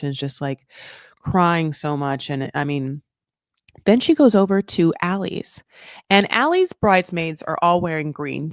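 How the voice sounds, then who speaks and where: A woman hosting a casual recap chat, rambling through tangents and correcting herself, with sudden jumps up in pitch. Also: vocal fry, no echo, studio quality. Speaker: recap show host.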